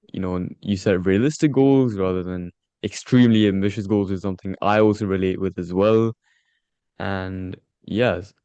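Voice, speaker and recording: A man asks his interview questions in a measured, polite way, with a low, mellow, smooth voice. The sound is dry and close, a little dull and lo-fi. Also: no room sound. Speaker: interview host, performance coach.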